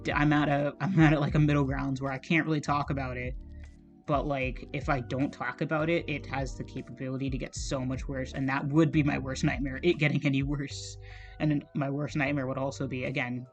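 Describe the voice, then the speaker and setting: A man's voice: medium pitch, little pitch movement, a little fast, soft background music. A man streaming while he draws, talking in a rambling, casual way, full of "like" and swearing. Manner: rambling, heavy use of "like", frequent swearing. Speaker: art streamer.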